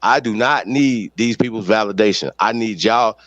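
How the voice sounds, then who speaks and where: Man, low voice, blunt profane rant, dry dull lo-fi sound. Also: moderate pace, fairly bright tone, no room sound. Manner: ranting, blunt, confrontational. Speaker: podcast host. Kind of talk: heated profane commentary.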